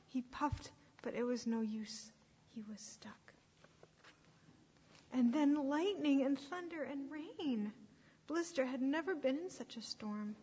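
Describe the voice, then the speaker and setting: A woman reading a story aloud to children at church, expressive and sometimes dropping to a hushed whisper. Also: sits high, a little slow. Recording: echoey hall, dull lo-fi sound.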